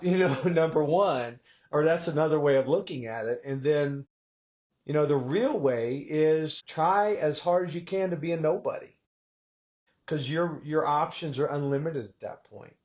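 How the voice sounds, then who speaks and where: A man from Texas hosting a podcast, telling stories in a rambling, animated way with many asides. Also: fairly high pitch, normal speed, lo-fi sound. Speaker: podcast host. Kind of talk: casual conversational podcast talk.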